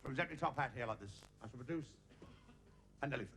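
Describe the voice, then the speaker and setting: A comedian-magician rattles through bumbling stage patter, giggling at his own gags with put-on exasperation, in a medium-pitched, expressive, fast voice. The old TV recording is noisy, with the audience laughing loudly in the background.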